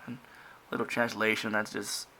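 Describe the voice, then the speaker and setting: Guy chatting through his comic pages, rambly, bright edgy tone. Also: fairly low pitch, little pitch movement, moderate pace, slight background noise. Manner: rambling, many restarts and fillers. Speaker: comic creator. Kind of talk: casual walkthrough of own comic.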